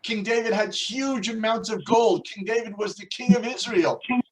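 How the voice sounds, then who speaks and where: A man teaching a religious class, telling stories and explaining words in a deliberate, explanatory way. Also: high-pitched, steady tone, poor audio. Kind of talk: storytelling religious lesson.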